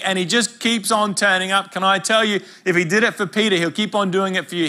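A man's voice: high voice, bright, forceful tone. A young adult man with an Australian accent, preaching a conversational, humorous sermon at a men's conference. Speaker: pastor.

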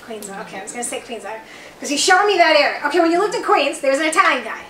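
With crowd noise around her, a Long Island woman speaks very fast in a high-pitched voice with big pitch swings, giving a chatty, rambling psychic reading to a small bookstore audience and quoting the messages she relays. The sound is roomy and far off, with faint noise.

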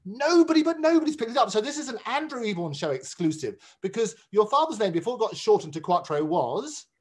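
A man's voice: high-pitched, very animated, fairly quick, a little mellow. A man hosting an interview, enthusiastic and often restarting his sentences. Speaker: talk show host.

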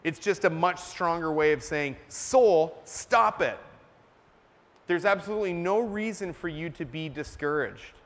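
A man's voice: a little high, normal speed, hardly any pauses, fairly bright tone. A man preaching a sermon in a church, earnest and emphatic, stopping to cough now and then. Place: church sanctuary. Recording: long church reverb.

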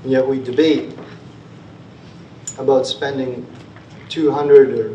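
Here the man's voice is medium in pitch, steady and mellow, and he takes his time, with a little hiss or hum in the audio. Choked up at moments, he gives an earnest prepared talk to a town meeting, returning again and again to rallying phrases. It was captured in a school auditorium, and the sound is dull, distant and roomy.

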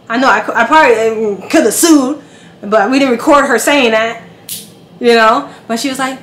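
A woman in her thirties telling a personal story in casual vlog style, lively and acting out the voices of others. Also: high voice, moderate pace. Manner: animated, acts out quoted voices. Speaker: vlogger. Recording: echoey room with faint noise.

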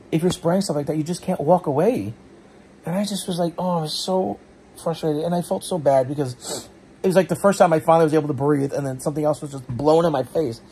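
A vlogger rambles casually through a frustrating story, questioning himself as he goes, his voice a bit congested from allergies. It's on the high side with a warm tone, and the recording carries a little hiss or hum.

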